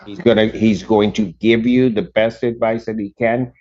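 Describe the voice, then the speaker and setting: A man's voice: level tone, normal speed, a little mellow. A man serving as a judge, lecturing a defendant in court in a stern, firm manner. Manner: stern, lecturing, jumps high in pitch when incredulous. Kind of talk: courtroom proceedings. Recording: dull courtroom audio.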